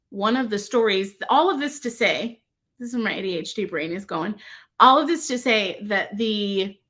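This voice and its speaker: A woman's voice: a little high, a bit bright. A woman hosting a casual livestream about her craft shop, chatty and rambling, often laughing between thoughts.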